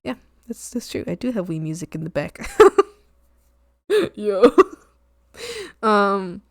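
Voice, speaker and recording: A young woman streaming from home, chatting casually with lots of ums, giggles and sudden excited squeals. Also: takes it slowly, dry recording, studio quality. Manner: bursts into high squeals and shouts when excited. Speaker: art streamer. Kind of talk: casual chat while reading chat. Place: home room. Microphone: desk mic at a streaming setup.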